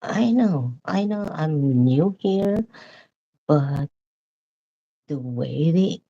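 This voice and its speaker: A woman's voice: low-pitched, animated, extremely slow, creaky, dark tone, lo-fi sound. A woman vlogger chatting casually, laughing as she talks and often restarting her sentences. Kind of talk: casual chat.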